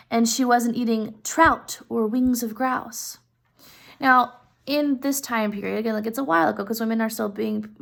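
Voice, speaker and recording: A woman's voice: fairly high pitch, creaky, fairly bright tone. A woman retelling a story in a casual, chatty way, talking straight to her listeners and using many fillers.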